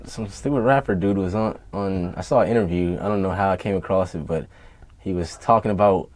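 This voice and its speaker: A man appearing as a rapper guest in a casual interview talks bluntly, profanely and heatedly, with plenty of fillers. His voice sits low with a darkish tone, runs a little fast, and has no echo.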